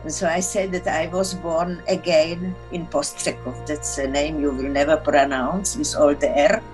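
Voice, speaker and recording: A woman, recounting her life in an interview in halting, broken English as she searches for words. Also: low voice, little pitch movement, a little mellow, faint music behind, poor audio. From Czechoslovakia. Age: 80s. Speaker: interviewee, Holocaust survivor. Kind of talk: personal storytelling in interview.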